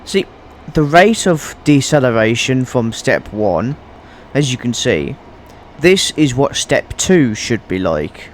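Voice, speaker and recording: Halting man narrating his gameplay. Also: mid-range voice, big pitch swings, a little hiss or hum. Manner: halting, restarts sentences, rambling asides. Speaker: gaming YouTuber. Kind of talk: casual gameplay commentary.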